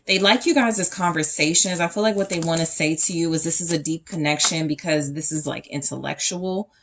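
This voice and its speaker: A young woman with a low voice reads tarot cards for her viewers in a loose, chatty way. She thinks out loud, often restarting her sentences and filling pauses as she turns each card over. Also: a little hiss or hum. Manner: casual, thinking aloud with fillers and restarts. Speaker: tarot reader. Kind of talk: pick-a-card tarot reading.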